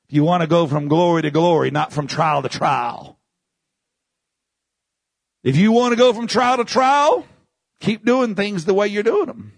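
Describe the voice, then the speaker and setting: A man preaching a sermon, swinging from shouted peaks down to low, quiet passages and repeating phrases for emphasis. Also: sing-song, moderate pace, gravelly, breathy edge, no room sound.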